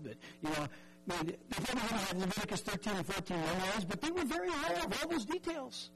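A man's voice: high-pitched, very animated, fast talker, poor audio. A man preaching a sermon in an earnest, conversational way, often repeating words and acting out the voices in the story.

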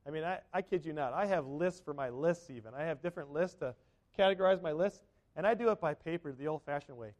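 On dull audio, a fast-talking pastor with a high yet darkish voice preaches to his congregation. His style is conversational, with regular questions to the listeners and acted-out quotations.

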